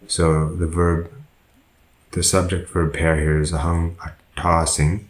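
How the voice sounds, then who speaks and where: A monk teaching a Pāli grammar lesson, working through sentences slowly and methodically and pausing to correct himself. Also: male voice, deep voice, level tone, echoey room, poor audio.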